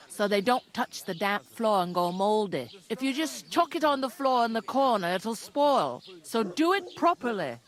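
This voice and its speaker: An actress voicing a blunt, bossy village tavern keeper with a northern English accent and coarse rural dialect. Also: female voice, mid-range voice, close to an everyday voice. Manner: bossy, scolding. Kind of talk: video game voice acting.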